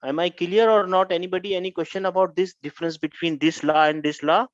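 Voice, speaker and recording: A man's voice: high voice, fairly even intonation, fast, dry recording. Guy teaching grammar, says stuff twice and keeps going "huh?", dry dull lo-fi audio. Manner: repetitive, keeps checking with "Huh?". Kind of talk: online grammar lesson. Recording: dull lo-fi recording.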